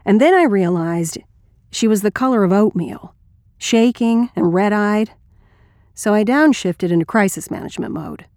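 A woman's voice: mid-range voice, lively intonation, normal speed, darkish tone, dry recording, studio quality, lightly acted. A woman reading an audiobook as a blunt, wry, crude male ex-Marine narrator.

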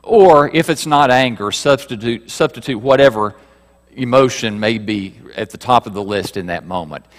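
A man preaching a sermon to his congregation, asking rhetorical questions and moving between loud emphasis and quiet asides. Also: medium pitch, moderate pace, big-room sound. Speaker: pastor.

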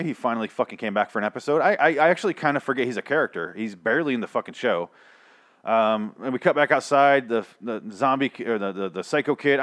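A man giving a casual, ranting recap of a television episode, sarcastic and full of swearing and fillers. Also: lowish voice. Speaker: show recap commentator. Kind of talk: casual profane recap monologue.

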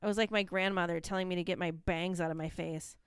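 A woman's voice: fairly low pitch, fairly even intonation, quick pace, smooth, no room sound, clean studio sound. A woman co-hosting a podcast in a casual, rambling chat, laughing often. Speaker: podcast co-host.

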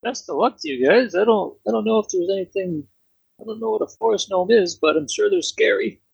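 A man's voice: sits high, sing-song, unhurried, creaky, breathy edge, no echo, highs cut off, pitched above the performer's own voice, heavily acted. A man voicing a shifty male pub owner in a jokey Canadian-style accent during a tabletop game. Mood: chummy. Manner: chummy, cheeky overcharging banter. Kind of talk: tabletop role-play voice.

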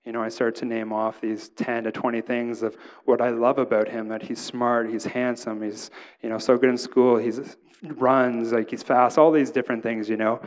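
A man's voice: medium pitch, level tone, moderate pace. Man preaching a casual sermon. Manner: casual, conversational preaching with frequent "right?" asides. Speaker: pastor.

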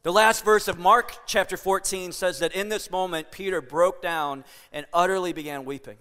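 A man's voice: high-pitched, fairly even intonation, normal speed, sharp tone, clean tone, big-room sound. A man preaching a sermon to a congregation, playful and joking with the crowd. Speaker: pastor. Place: church hall.

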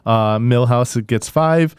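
A man's voice: medium pitch, takes it slowly, smooth, no echo. A man chatting casually on a podcast, matter-of-fact in short remarks. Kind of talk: casual chat.

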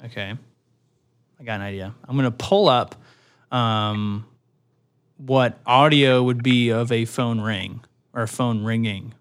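A man hosting a podcast in casual chat, animated and quick to laugh loudly. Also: medium pitch, clean tone. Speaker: podcast host.

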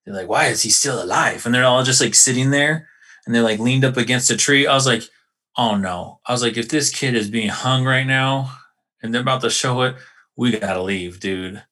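Animated, bright-voiced male podcast co-host. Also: medium pitch, brisk. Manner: animated storytelling, heavy slang and swearing. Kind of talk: casual chat.

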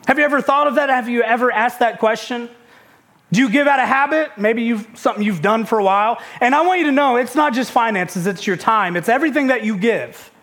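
A man's voice: very high voice, fairly quick, a bit bright. A man in his thirties preaching a sermon, telling a family story with quoted dialogue and often repeating words when he gets going. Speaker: pastor.

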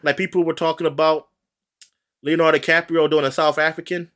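A man co-hosting a podcast in casual chat, animated and joking, swearing casually. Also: on the high side, fairly quick. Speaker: podcast co-host.

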